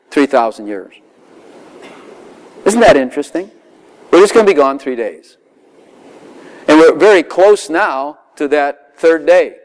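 A man preaching a sermon, telling stories with laughter and acting out quoted voices. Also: on the high side. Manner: animated storytelling with laughs, dramatic quoted voices.

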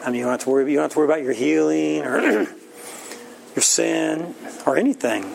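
Brief: middle-aged male pastor, folksy informal sermon, gravelly voice. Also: a little high, fairly quick, a little mellow, a little hiss or hum, poor audio. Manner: folksy, plain-spoken, laughs often.

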